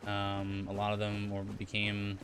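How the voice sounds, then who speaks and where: A man's voice: on the low side, monotone, a little slow, fairly bright tone, a little hiss or hum. A man streaming a game, chatting casually with viewers in a rambling way, often restarting his sentences. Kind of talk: casual gameplay commentary.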